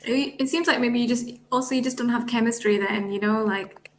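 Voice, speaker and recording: A woman hosting a casual chat as relationship coach, measured and affirming as she steers the talk. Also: a little high, slight background noise.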